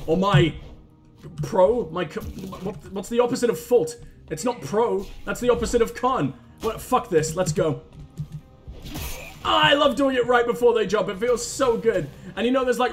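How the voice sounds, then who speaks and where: A young man commentating his own gameplay, self-mocking and swearing, with sudden yelps when he fails. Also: sits high. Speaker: gaming channel host. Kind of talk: let's play commentary.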